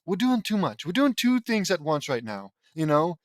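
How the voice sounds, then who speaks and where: A man's voice: fairly high pitch, sing-song, moderate pace, dry recording. A man reading fan fiction aloud and mocking it in sarcastic, rambling asides, often stumbling and restarting his words. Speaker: audiobook reader and commentator.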